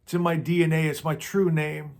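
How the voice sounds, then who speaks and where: A man leading a guided prayer and spiritual teaching, meditative and slow, often repeating words and trailing off softly. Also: fairly high pitch, flat delivery.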